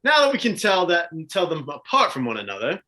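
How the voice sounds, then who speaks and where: A man voicing a menacing male adventurer who interrogates prisoners in a drawn-out, taunting, theatrical way. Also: fairly high pitch, wildly swooping pitch, pushed and bright, voice pushed up, heavily acted.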